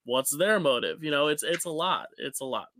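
A man's voice: fairly high pitch, animated, moderate pace, a bit bright. A man co-hosting a podcast, talking in a laid-back way with lots of "like" and easy laughs. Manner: laid-back, says "like" often, laughs easily. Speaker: podcast co-host. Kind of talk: casual podcast chat.

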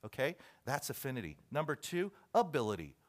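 A man's voice: medium pitch, very animated, a little fast. A man preaching a sermon, reading a list aloud and joking with his listeners. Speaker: pastor.

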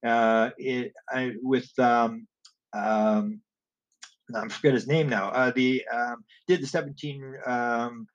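This guest's voice is mid-range, fairly even in intonation and slow, captured on dull audio. In anecdotal interview talk he wanders through stories about music and alien experiencers, frequently restarting and performing the quoted exchanges.

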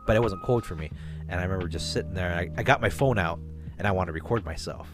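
A man's voice: deep voice, quick pace, over music. A man hosting a podcast, telling a long rambling story in casual talk, with restarts and swearing. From Alaska. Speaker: podcast host.

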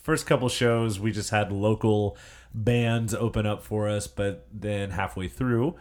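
A man's voice: fairly low pitch, fairly even intonation, unhurried, darkish tone. A man co-hosting a casual podcast, joking around and laughing through his lines. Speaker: podcast co-host, band member. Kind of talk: casual chat.

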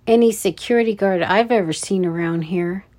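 A woman's voice: mid-range voice, normal speed, a little mellow, close to an everyday voice. A woman voicing a young boy who cracks wise and presses worried questions in a storybook reading. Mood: pressing.

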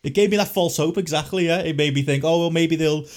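A man co-hosting a wrestling podcast, ranting in sweary, animated casual chat. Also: fairly high pitch, fast talker. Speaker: podcast co-host.

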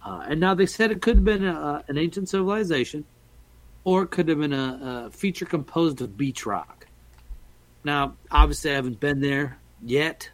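A man's voice: fairly high pitch, moderate pace. A man hosting a casual podcast, talking in a playful, jokey and rambling way. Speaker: podcast host. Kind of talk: casual chat.

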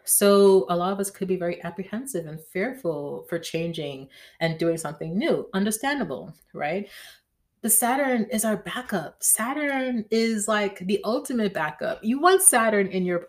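With an animated, mid-range voice and a moderate pace, a woman hosts a laid-back astrology podcast. She's chatty and slangy and keeps checking in with listeners by adding "right?" to her lines.

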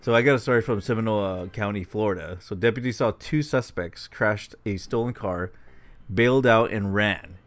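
A man's voice: lowish voice, moderate pace, soft background music. A man co-hosting a podcast, recounting a news story in rambling casual talk with repeated words and chuckles. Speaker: podcast co-host.

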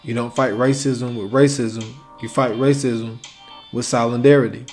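A man talks through his solo podcast in a loose, conversational way, slipping into little acted-out bits of dialogue as he goes. His voice sits at an ordinary middle pitch. Soft music plays faintly underneath. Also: steady tone, normal speed. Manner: casual, conversational, acts out quoted exchanges. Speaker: podcast host.

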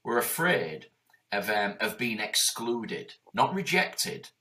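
Lively sweary Yorkshire man. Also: lowish voice, slow. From Yorkshire, England. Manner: animated, swearing, acts out quoted voices. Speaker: business coach. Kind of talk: casual podcast chat.

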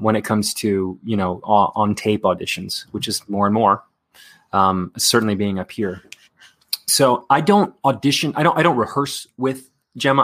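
Halting actor from Texas. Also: male voice, fairly low pitch, fairly bright tone. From Texas, USA. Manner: candid, halting, many fillers. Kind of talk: casual interview chat.

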